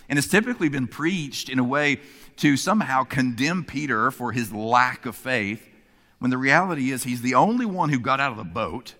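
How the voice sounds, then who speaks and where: Bright-voiced male preacher in a big hall. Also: medium pitch. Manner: expressive, swinging between emphatic and hushed delivery. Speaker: pastor. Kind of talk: sermon.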